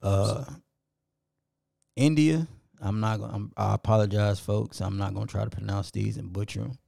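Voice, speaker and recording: A man's voice: fairly low pitch, fairly even intonation, moderate pace, gravelly, warm tone, no room sound, clean studio sound. A man co-hosting a podcast, casually reading out listener locations and apologizing when he stumbles over foreign names. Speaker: podcast co-host.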